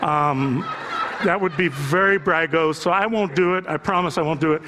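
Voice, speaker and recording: A male pastor delivers a sermon in a high voice, keeping it loose and joking and tossing rhetorical questions to the congregation. His voice rings out in a large church with a long reverb trailing each phrase. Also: moderate pace, background noise.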